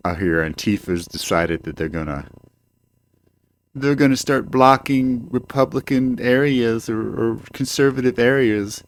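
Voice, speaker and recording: A man's voice: medium pitch, a little slow, a little hiss or hum. An older man ranting at home into a desk microphone, profane and rambling, often stalling on fillers. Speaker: home video show host. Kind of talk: ranting monologue. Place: home, indoors.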